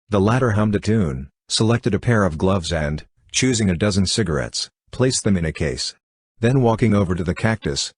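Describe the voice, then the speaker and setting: A man narrating a classic novel as an audiobook in a steady, even reading. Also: lowish voice, breathy edge, dry recording, clean studio sound. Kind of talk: scripted narration.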